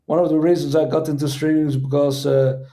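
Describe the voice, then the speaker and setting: Streamer host, man, higher pitch, mellow tone, quaintly formal, hesitant. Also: level tone, fast talker. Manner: quaintly formal, fond of "indeed" and "I say"; hesitant, many fillers. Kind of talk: casual chat.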